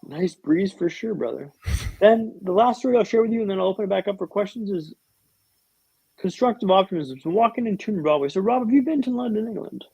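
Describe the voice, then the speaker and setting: Male interview guest, raised pitch, gravelly, dramatic storyteller with a humorous streak, dull lo-fi line. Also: lively intonation, brisk, mellow, dry recording. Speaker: podcast guest.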